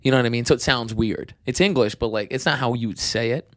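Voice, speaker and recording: A man's voice: medium pitch, fast talker, fairly bright tone, dry recording, clean studio sound. A young man co-hosting a podcast in casual chat, joking and laughing often. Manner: joking, laughs often, does silly accents. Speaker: podcast co-host.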